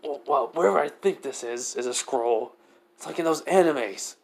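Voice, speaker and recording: A man's voice: mid-range voice, normal speed, gravelly, darkish tone, lightly acted. A man voicing a cocky, chatty male street goon.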